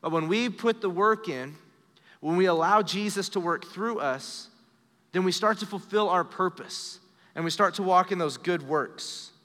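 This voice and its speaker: A man in his thirties preaches with earnest conviction, his voice sitting a little high for a man. His lines ring out into the long reverb of a church sanctuary. He sinks into a soft, hushed tone when a story turns personal. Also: unhurried. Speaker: pastor. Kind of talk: sermon. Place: church sanctuary during a live service.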